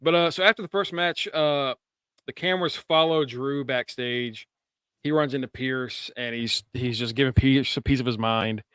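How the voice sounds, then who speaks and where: A man's voice: medium pitch, normal speed, a bit bright, clean tone, no room sound. A man co-hosting a casual wrestling podcast, laughing often and swearing as he recaps and acts out scenes. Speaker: podcast co-host.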